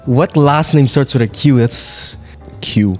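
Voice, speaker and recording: A man competing in a quiz with friends, excitable and over-dramatic in casual banter. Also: mid-range voice, slow pace, faint music behind. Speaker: quiz contestant.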